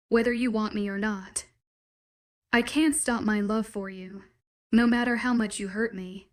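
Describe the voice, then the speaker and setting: A woman's voice: medium pitch, lightly acted. A woman reading the lines of a possessive young male werewolf, pleading with intense declarations. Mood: desperate, possessive.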